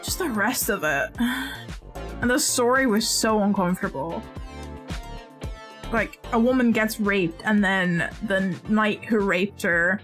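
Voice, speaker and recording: A woman's voice: medium pitch, slow pace, pauses often, a bit bright, faint music behind. A woman streaming live, chatting casually while she crochets, rambling and often restarting her sentences.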